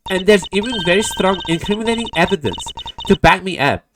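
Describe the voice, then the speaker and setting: A man's voice: high-pitched, animated, a little fast, noisy background, pitched above the performer's own voice. A man voicing a prim, stern woman flight attendant with a formal, accusing manner.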